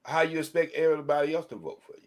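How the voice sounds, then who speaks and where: A man's voice: fairly high pitch, rapid-fire. A man talking casually on a live-stream panel, folksy and preachy. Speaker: panel guest.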